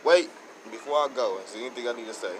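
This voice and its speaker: A man hosting his own channel, giving a rambling, excited casual review with many restarts and self-corrections. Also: medium pitch, fast, slight background noise, low-quality recording. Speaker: show host reviewing episodes.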